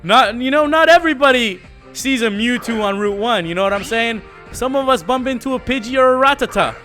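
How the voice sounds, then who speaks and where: Young man, let's play commentary, high voice, bright tone, slangy, laid-back, joking, faint game music. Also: brisk. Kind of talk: casual gaming commentary.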